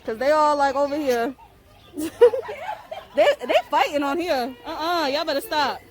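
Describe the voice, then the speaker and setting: A woman's voice: high-pitched, a little slow, crowd noise. A young woman filming a family outing, coaxing her toddler and laughing often. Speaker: mother and vlogger. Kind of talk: casual family vlog narration. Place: outdoor aviary with birds.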